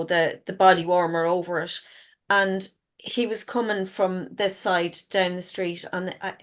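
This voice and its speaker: A middle-aged woman, a guest author telling stories frankly in casual chat and swearing freely. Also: mid-range voice. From Ireland.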